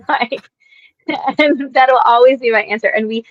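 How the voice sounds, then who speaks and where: A woman's voice: a little high, steady tone, unhurried. A chatty woman joins a casual talk about comics, speaking in an easy, conversational way. Her audio sounds dull and muffled, with no room echo at all. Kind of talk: casual chat.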